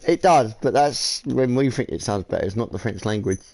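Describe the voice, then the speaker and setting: A man's voice: medium pitch, a little fast, darkish tone. Bantering man gaming with friends. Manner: joking, teasing banter. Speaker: gaming channel host. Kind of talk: casual gaming chat with friends.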